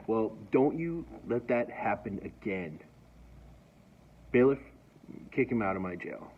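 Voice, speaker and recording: A man's voice: fairly low pitch, animated, takes it slowly, slight background noise. A man voicing a strict male judge who speaks in curt, scolding lines. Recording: dull lo-fi recording.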